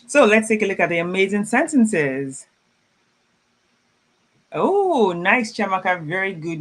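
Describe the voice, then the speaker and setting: A French teacher running a live online class, reading students' chat messages aloud, praising them warmly and slowing down to repeat French phrases. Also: mid-range voice, sing-song. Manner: encouraging, slows down to spell out French phrases; chatty and informal, laughs often.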